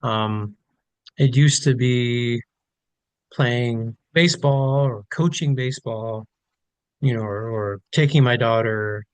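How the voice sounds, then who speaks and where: Laid back middle-aged guy cohost, halting, dry close sound. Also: medium pitch, clear, resonant tone, no room sound. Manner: easygoing, hesitant, repeats himself. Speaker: podcast co-host. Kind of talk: casual chat.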